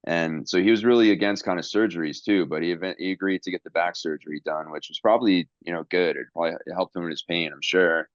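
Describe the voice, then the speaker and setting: A very low-voiced man talking loosely on a podcast, full of fillers and side jokes. The sound is dry and a little dull, like a close home podcast mic. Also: steady tone, fast, hardly any pauses, no room sound. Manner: rambling, filler-heavy, jokey impressions. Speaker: podcast co-host. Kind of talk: casual chat.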